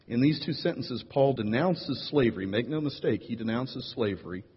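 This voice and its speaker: A man's voice: medium pitch, animated, moderate pace, slightly rough, long reverb tail, lo-fi sound. A man preaching a sermon as pastor, with wry, playful asides.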